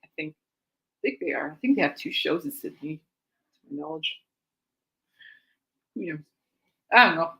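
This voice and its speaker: A woman's voice: sits low, lively intonation, a little slow, pauses often, bright, forceful tone. A woman hosting her own music chat show, rambling in a casual monologue and often laughing and getting sidetracked. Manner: chatty, self-deprecating, easily sidetracked.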